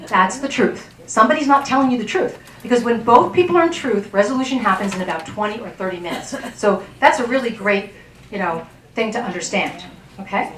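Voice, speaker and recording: A woman coach talks to a live audience in a relaxed, chatty way and keeps checking that they follow. Her voice sits a little high. She is recorded from a distance in a room with a lot of echo. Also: brisk, slight background noise. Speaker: relationship coach. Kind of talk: workshop talk to an audience. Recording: roomy sound from off-mic.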